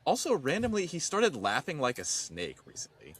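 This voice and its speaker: A man co-hosting a podcast, chatting casually with animated, expressive swings in his delivery. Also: on the high side, normal speed, husky. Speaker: podcast co-host. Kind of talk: casual chat.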